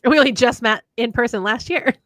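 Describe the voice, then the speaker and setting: A young woman with a fairly high voice talks fast while hosting a casual livestream chat, no room sound present. She's an animated storyteller who laughs often.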